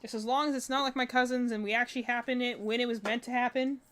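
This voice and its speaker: A young woman streams from her home while crocheting, chatting loosely and rambling with plenty of fillers and laughter as dogs bark nearby. Her voice sits on the high side, fairly bright and steady in tone, and she speaks fast.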